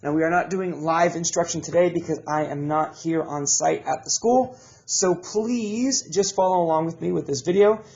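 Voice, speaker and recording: A man teaching a recorded reading lesson to children, drilling sounds and words in slow call-and-response. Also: on the high side, creaky, darkish tone, highs cut off.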